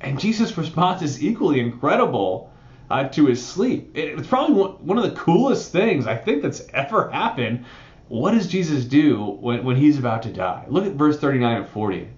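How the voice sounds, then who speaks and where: A man's voice: fairly high pitch, normal speed, roomy sound, highs cut off. A man preaching a sermon, talking conversationally and often adding "right?" as he explains a Bible passage. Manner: conversational, animated preaching with frequent "right?" asides. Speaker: pastor.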